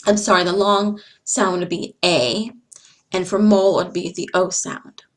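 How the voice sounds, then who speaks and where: A woman giving a slide-based phonics lesson, speaking deliberately and repeating each example sound. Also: fairly low pitch, fairly even intonation. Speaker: English teacher.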